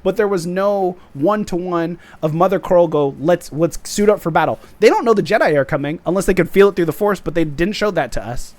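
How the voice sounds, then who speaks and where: A man hosting a casual TV review podcast, retelling scenes with lively acted-out quotes and frequent laughter. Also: high voice, fairly quick, hardly any pauses, no room sound. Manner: animated, acts out quoted lines, laughs often. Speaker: podcast host reviewing a TV episode.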